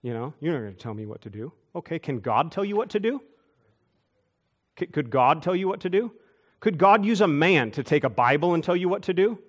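A man preaching a sermon, telling church stories with quick asides and chuckles. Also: sits high. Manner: animated storytelling with asides and chuckles. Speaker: pastor. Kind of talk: storytelling sermon.

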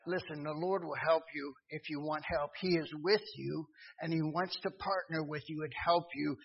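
A middle-aged man preaching a sermon, telling a personal testimony and swinging from hushed to loud. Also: a little high, steady tone, moderate pace, breathy edge. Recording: dull lo-fi sound.

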